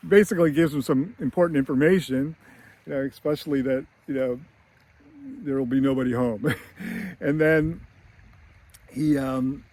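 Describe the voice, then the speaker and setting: A man's voice: medium pitch, normal speed, long pauses, darkish tone. A man casually retelling a film scene in a chatty way, laughing often and using many fillers. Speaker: screenwriting commentator.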